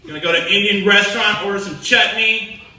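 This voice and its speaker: A man from Pakistan doing a stand-up set in a live comedy club, mixing deadpan jokes with excited bursts. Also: high voice, fast talker, slight background noise. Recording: echoey club from far off.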